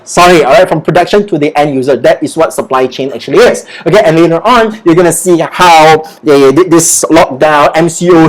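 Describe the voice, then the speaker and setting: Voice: medium pitch, poor audio. Lecturer drilling word stress. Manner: peppers speech with "okay" and "all right", drills pronunciation by repetition. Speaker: business English lecturer. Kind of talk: livestreamed online lecture.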